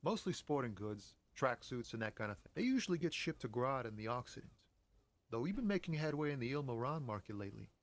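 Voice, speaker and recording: A laid-back lorry driver. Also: male voice, mid-range voice, very animated, fast. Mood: chatty. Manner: casual, chatty, gossipy. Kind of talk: voiced game dialogue.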